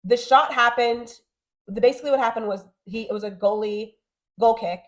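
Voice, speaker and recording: A woman in her thirties co-hosting a podcast, chatting casually and animatedly, often acting out what others said. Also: fairly high pitch. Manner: animated, talks fast and acts out quotes. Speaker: podcast co-host. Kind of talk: casual chat.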